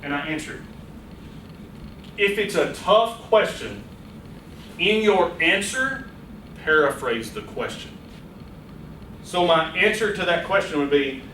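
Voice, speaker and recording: A man giving a lively, playful public speaking workshop to a small audience in a meeting room, speaking straight to them. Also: on the high side, unhurried, pauses often, a little hiss or hum. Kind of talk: live workshop lecture. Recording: echoey room, voice from a distance.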